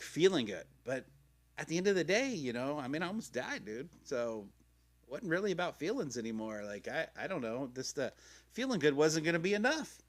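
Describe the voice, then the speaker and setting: A middle-aged man hosting a podcast, telling his story in a rambling, slangy way, swearing freely and acting out quotes. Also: a little high. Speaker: podcast host. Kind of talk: casual personal storytelling. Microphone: podcast mic.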